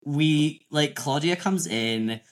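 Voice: medium pitch, slow. Rambling co-host, casual chat. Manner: rambling, filler-heavy, swears casually, acts out quotes. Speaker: podcast co-host.

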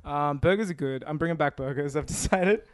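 Chatty man, higher voice, dry sound. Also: a little fast, smooth, no echo. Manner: loose, rambling, swears casually. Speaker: podcast co-host. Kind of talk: casual chat.

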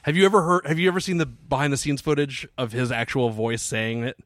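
Excitable, swearing man on a dry mic. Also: mid-range voice, fast talker, no echo. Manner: excitable, laughs often, swears freely. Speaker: podcast co-host. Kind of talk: casual movie commentary.

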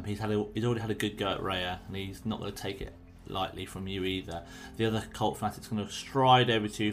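A man, narrating a tabletop game as game master in an unhurried, descriptive and encouraging way. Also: fairly low pitch.

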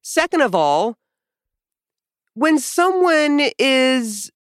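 A woman's voice: high voice, big pitch swings, very slow, clean tone, dry recording, studio quality. Profane, sarcastic woman podcast host. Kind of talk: casual chat.

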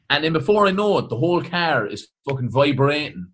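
A man's voice: a little high, expressive, fairly bright tone. An Irish man telling stories in a casual, swearing chat. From Ireland. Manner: quick storytelling with swearing. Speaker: comedian guest.

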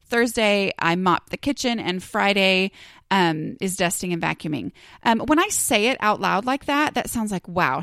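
A woman with a mid-range, slightly bright voice hosts her own casual solo podcast, rambling easily, scattering fillers, and poking fun at herself. The chatty talk is recorded close and dry, without any room echo.

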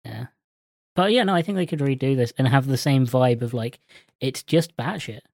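A man co-hosting a podcast, reviewing a film in casual chat and talking with excitable, emphatic enthusiasm. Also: medium pitch, moderate pace, gravelly, no echo. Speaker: podcast co-host.

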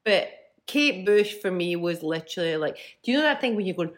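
Middle-aged scottish woman chatting, lowish voice, blunt and sweary, tells stories fast. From Scotland. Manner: blunt, swears freely, lively storyteller. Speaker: band frontwoman. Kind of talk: casual interview chat.

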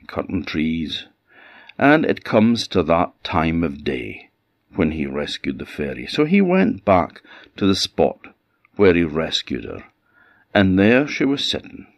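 Deep-voiced Scottish storyteller. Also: male voice, dry recording, muffled recording. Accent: Scottish, Orkney. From Scotland. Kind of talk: folk tale telling for children.

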